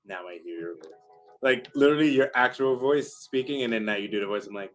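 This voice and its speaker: A man's voice: lowish voice, faint music behind, low-quality recording. A man hosting a live stream, talking energetically with lots of fillers and hype. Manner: energetic hype, fast filler-laden talk. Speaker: stream host.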